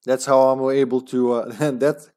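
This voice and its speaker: A man's voice: medium pitch, level tone, darkish tone. Chatty man streaming a game. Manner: chatty, laughs often, tired but talking fast. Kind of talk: casual live-stream commentary.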